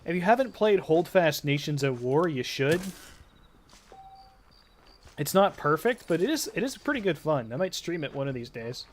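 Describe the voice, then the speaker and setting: A man's voice: on the high side, very animated, moderate pace. A man chatting casually and swearing freely while streaming a video game. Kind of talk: casual gameplay commentary.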